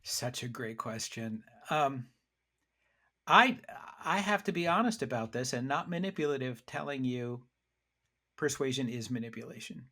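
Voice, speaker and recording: Middle-aged male author guest, gravelly, animated storyteller, chatty. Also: mid-range voice, moderate pace. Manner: animated storyteller with frequent restarts. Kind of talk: conversational interview storytelling.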